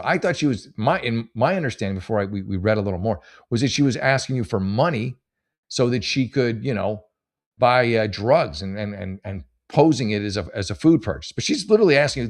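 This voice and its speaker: A man's voice: mid-range voice, expressive, fairly quick. A man hosting a casual comedy advice show, rambling sarcastically with profanity and stammered restarts. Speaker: podcast host giving advice. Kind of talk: casual comedic advice chat, reading posts aloud.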